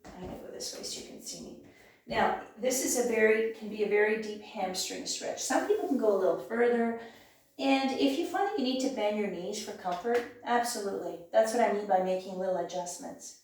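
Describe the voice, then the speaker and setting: A woman leading a yoga class with calm, encouraging cues, sometimes losing her voice. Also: mid-range voice, a little fast, slight background noise. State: clearing her throat, losing her voice. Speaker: yoga instructor. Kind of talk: guided yoga class instruction. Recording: very echoey room, voice from far off.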